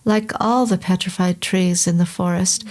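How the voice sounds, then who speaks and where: A woman reading a vintage horror novel aloud as narrator, in a steady, unhurried storytelling manner. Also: fairly low pitch. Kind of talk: scripted audiobook narration.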